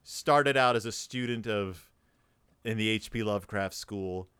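A man's voice: on the low side, measured pace, fairly bright tone, clean tone, no room sound, studio quality. A man co-hosting a podcast, chatting casually about books in a rambling, playful, joking way. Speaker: podcast co-host. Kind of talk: casual book chat.

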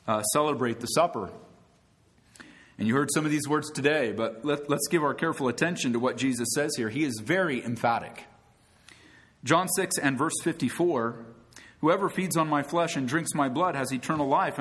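A pastor with a mid-range, fairly bright voice preaches emphatically to his congregation. He calls them friends, poses rhetorical questions, and lets key words rise in sudden bursts.

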